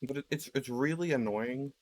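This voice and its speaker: A man's voice: mid-range voice, moderate pace, darkish tone. A man ranting casually while playing a game, rambling with lots of fillers and swearing. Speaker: video creator. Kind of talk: casual rant while gaming.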